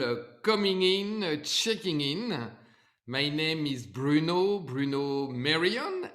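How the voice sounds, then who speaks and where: A middle-aged man with a French accent hosting a live webinar, speaking in a friendly, halting way with many fillers. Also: a little high, a bit bright, echoey room.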